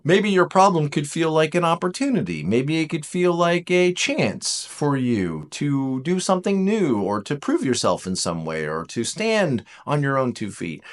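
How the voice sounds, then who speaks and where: A man gives a relaxed, jokey lecture, his voice sitting a little high and full of lively, animated swings. He slips in playful voices as he teaches. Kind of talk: casual lecture.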